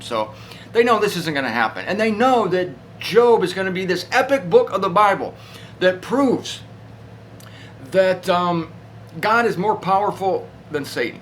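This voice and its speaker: A man giving an informal, animated Bible talk, conversational and playful, acting out voices as he goes. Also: on the high side, moderate pace, a little hiss or hum, poor audio. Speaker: Bible teacher.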